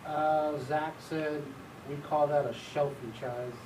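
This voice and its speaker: A man quietly reading viewer comments aloud, hesitant and off-mic. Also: fairly high pitch, steady tone, slow pace, a little hiss or hum, rough recording.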